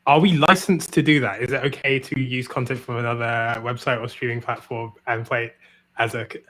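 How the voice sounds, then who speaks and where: Guy on a stream asking nervous jokey questions, bright tense voice. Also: medium pitch, steady tone, a little fast. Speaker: guest. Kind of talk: casual chat on a livestream.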